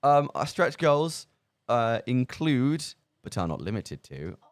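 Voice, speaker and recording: A man hosting a charity radio stream, chatting casually with a lively, bouncing voice. He rambles and pokes fun at himself, heard close and dry on a studio microphone. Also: mid-range voice, takes it slowly, dry recording. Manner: rambling, self-mocking, lots of fillers. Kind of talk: casual live radio chat.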